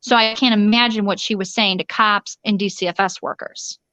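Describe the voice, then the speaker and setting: A woman interview guest telling a personal ordeal in a rushed, urgent way, often restarting sentences and acting out quoted dialogue. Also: medium pitch, steady tone, pushed and bright, dry recording. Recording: dull lo-fi dry recording.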